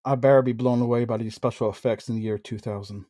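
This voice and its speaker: A man's voice: medium pitch, fairly even intonation, fast talker, warm tone, no room sound. A man hosting a casual comedic movie review chat, joking and laughing often. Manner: jokey, laughs often, teasing. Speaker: podcast host.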